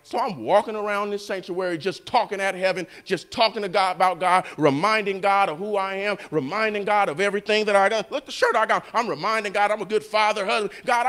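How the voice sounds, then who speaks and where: Pastor guy preaching, pretty high voice, keeps checking in w the congregation, soft then loud. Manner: call-and-response preaching, storytelling, swings from soft to loud. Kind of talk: sermon.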